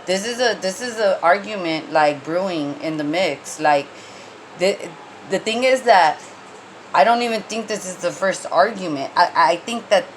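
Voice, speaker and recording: A woman's voice: lowish voice, expressive, moderate pace, a little hiss or hum, low-quality recording. A woman giving a casual tarot reading, rambling and conversational with many fillers and restarts, and blunt when she gets heated. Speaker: tarot reader.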